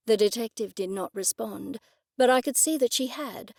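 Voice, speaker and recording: A woman's voice: on the high side, moderate pace, gravelly, darkish tone, dry recording, studio quality. Woman narrating a cozy mystery audiobook. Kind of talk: first-person audiobook narration.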